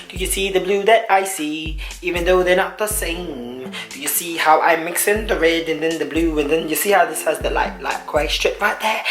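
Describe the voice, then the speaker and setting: A man's voice: high voice, moderate pace, fairly bright tone. Young guy in his 20s rambling thru an unboxing vlog, slangy, echoey room, faint music behind. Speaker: vlogger. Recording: roomy echo, faint music.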